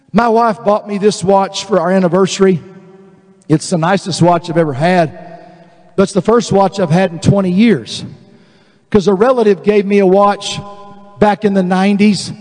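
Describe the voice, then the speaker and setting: A man, preaching a lively sermon to a congregation as a guest speaker. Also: high-pitched. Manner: animated preaching, swings from quiet to loud with laughs. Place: church service. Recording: long reverb of a church hall.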